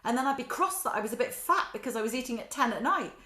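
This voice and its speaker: A woman's voice: fairly high pitch, lively intonation, fast, pushed and bright. A middle-aged woman, a guest talking reflectively and with animation, often acting out quotes and laughing at herself. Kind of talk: reflective conversational chat. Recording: roomy echo.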